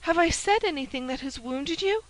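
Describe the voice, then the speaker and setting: A woman's voice: high-pitched, lively intonation, normal speed, pitched above the performer's own voice, rough recording. A woman voicing a timid, earnest young novice who speaks in an eager, pleading way. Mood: alarmed.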